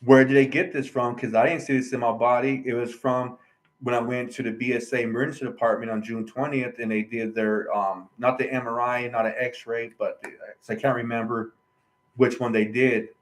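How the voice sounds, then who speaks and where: A man's voice: mid-range voice, level tone, moderate pace, low-quality recording. A man telling his own story in a casual vlog, rambling and earnest, often tagging lines with "right?" and "you know". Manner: earnest, aggrieved.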